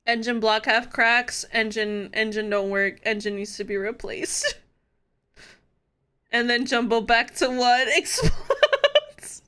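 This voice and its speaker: A woman's voice: fairly high pitch, expressive, slow, sharp tone, clean tone. A woman live-streaming in casual chat, playful and giggly, swearing freely.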